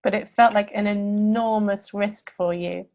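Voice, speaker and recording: Woman therapist-interviewer; gentle, checking questions. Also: medium pitch, steady tone, unhurried.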